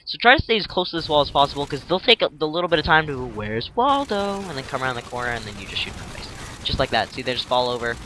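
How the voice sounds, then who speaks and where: A man's voice: medium pitch, pushed and bright, slight background noise. A young man casually narrating his gameplay as a tutorial, rambling and jokey, acting out enemies in silly voices.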